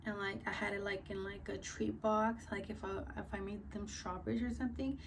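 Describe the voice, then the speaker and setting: A woman's voice: mid-range voice, fairly even intonation, brisk, gravelly, recorded from a distance, slight background noise. Young woman vlogger, casual storytime, filler-heavy and slightly breathless. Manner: chatty, many fillers like "like" and "um". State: a little out of breath.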